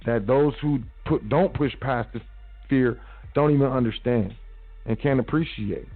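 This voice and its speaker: A man's voice: medium pitch, a little slow, dry recording. Man talking slangy motivation over tinny audio. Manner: big-brother tone, slangy and repetitive, acts out quotes. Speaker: radio show host. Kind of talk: casual motivational talk.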